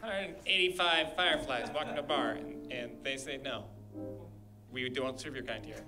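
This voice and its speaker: A man's voice: mid-range voice, moderate pace, loud music behind the voice. A man improvising stand-up jokes on stage, rambling and trailing off with fillers. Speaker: improv comedy performer. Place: comedy theater stage.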